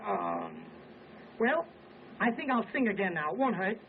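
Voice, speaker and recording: Brief: male vaudeville comic, high voice, snappy joke patter, tinny 1920s record over an orchestra. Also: animated, creaky, slight background noise. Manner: wisecracking, brisk joke-telling patter. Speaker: comedian and singer. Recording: tinny early acoustic record with band. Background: orchestra music.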